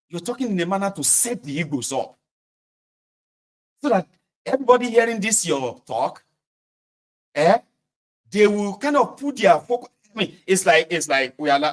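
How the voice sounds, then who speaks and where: A man's voice: high voice, animated, normal speed, long pauses. A Nigerian man giving exasperated, mocking political commentary in a casual vlog. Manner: exasperated, mocking, uses pidgin particles.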